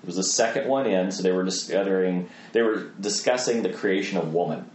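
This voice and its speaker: Man, lower pitch, animated storytelling, echoey room, faint background hiss. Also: a little fast. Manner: animated storyteller, acts out quoted voices. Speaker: guest, missionary trainer. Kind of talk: conversational interview storytelling.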